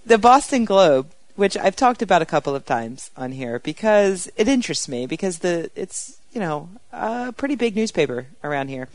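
A woman's voice: fairly low pitch, big pitch swings, normal speed, hardly any pauses, darkish tone, dry recording. A woman co-hosting a podcast in casual panel chat, talking in a chatty, sardonic way and laughing often. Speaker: podcast co-host.

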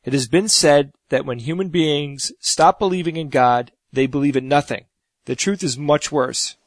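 A man's voice: fairly high pitch, moderate pace, no echo. A man in his forties co-hosting a podcast, joking easily and reading out a listener quote. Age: 40s. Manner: joking, easygoing. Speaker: podcast co-host. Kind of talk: casual panel chat, reading a quote.

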